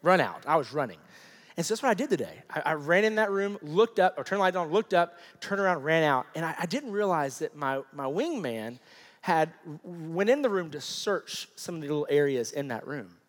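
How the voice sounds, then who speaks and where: A fairly high-voiced man in his thirties preaches by way of a personal story, casual and animated, scattering fillers as he goes. His voice carries a long reverb from a big hall. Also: fairly quick. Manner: animated, conversational with many fillers. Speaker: pastor. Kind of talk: sermon storytelling.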